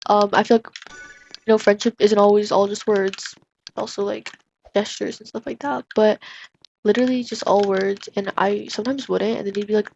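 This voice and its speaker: A woman rambles through a casual storytime, packing her talk with "like" fillers. Her voice has a gravelly, creaky edge. The recording sounds dull and lo-fi, with a faint hiss underneath. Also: mid-range voice, fairly quick, darkish tone. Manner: chatty, rambling, full of "like" fillers. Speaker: vlogger.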